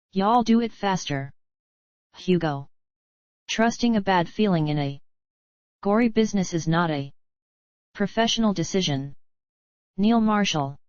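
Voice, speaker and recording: A woman reading a screenplay aloud in a flat manner, naming each speaker before the line. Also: mid-range voice, no echo, dull audio.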